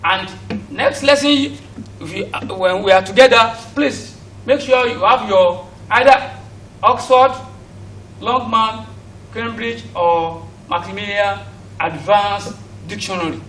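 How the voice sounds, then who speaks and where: High, bright Nigerian teacher drilling pronunciation. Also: male voice, takes it slowly, recorded from a distance, a little hiss or hum, rough recording. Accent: Nigerian English. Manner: drills pronunciation, asking "but what?" and repeating each word. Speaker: English teacher. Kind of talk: recorded classroom lesson for students at home.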